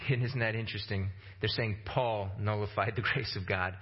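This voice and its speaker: A man preaching a sermon with passion, climbing to emphatic high peaks and dropping low for stress, often repeating words as he starts a phrase. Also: fairly even intonation, normal speed, husky, lo-fi sound.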